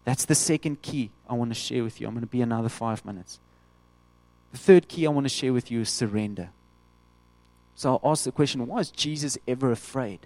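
A man preaching a sermon, animated, acting out the voices of the people he quotes. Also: medium pitch, a little fast, no room sound.

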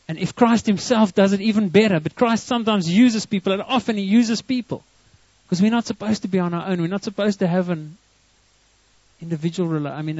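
A middle-aged South African man preaching in a casual, story-driven way, his voice sitting notably high for a man. He stumbles and restarts often as he tells his tale. The sound is dry and a little muffled. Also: a little mellow, no room sound. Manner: storytelling, conversational, with frequent restarts and chuckles. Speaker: pastor. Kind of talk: sermon. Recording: dull, muffled dry recording.

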